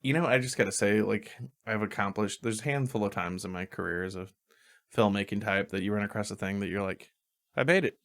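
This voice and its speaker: A man's voice: lowish voice, fairly even intonation, a little fast, fairly bright tone. A man who works as a filmmaker, co-hosting a casual podcast chat, rambling, swearing and laughing often. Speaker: podcast co-host.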